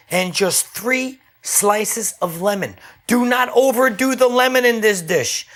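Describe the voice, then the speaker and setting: A man's voice: high voice, a bit bright. Chatty man hosting a cooking show. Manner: chatty, keeps checking in with "okay?". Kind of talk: casual cooking demonstration. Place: home kitchen.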